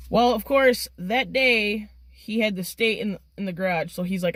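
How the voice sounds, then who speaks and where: Excitable, foul-mouthed woman telling a story. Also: medium pitch, normal speed, no room sound, studio quality. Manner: profane and excitable. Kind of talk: casual storytelling.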